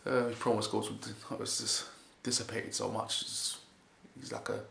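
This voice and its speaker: A man's voice: on the low side, little pitch movement, normal speed, vocal fry, sharp tone. A man giving a casual, rambling spoken recap of a wrestling show. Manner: rambling, repeats "basically", chuckles often. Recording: echoey room with faint hiss.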